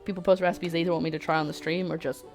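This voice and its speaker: With soft music in the background, a British woman cooks on a livestream and talks to chat, chatty and self-mocking. She speaks in rapid-fire fashion with a low voice and flat delivery.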